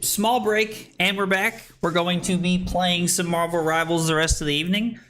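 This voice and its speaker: A man's voice: high voice, fairly even intonation, normal speed, a bit bright, a little hiss or hum. A tipsy man streaming a card game, joking, laughing and swearing with his chat. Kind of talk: casual livestream chat over a card game. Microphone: streaming microphone.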